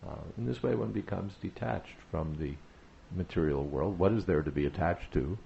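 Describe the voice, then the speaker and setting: A man giving a devotional talk on chanting, speaking in a measured way, pausing often with "uh" and repeating phrases for emphasis. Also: sits low, gravelly, dull audio, a little hiss or hum. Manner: measured, repetitive emphasis with frequent "uh" pauses. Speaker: spiritual teacher.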